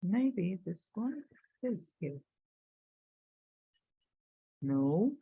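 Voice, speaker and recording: A woman with an Egyptian accent teaching an English class online, explaining rapidly in Arabic and slowing down for careful English. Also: lowish voice, sing-song, breathy edge, narrow, tinny audio. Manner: switches fast between Arabic and slow careful English.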